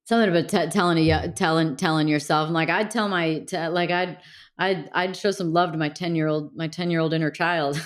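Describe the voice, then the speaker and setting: A woman guest speaking candidly and reflectively in a casual interview, with many fillers and restarts. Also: low-pitched. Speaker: podcast guest.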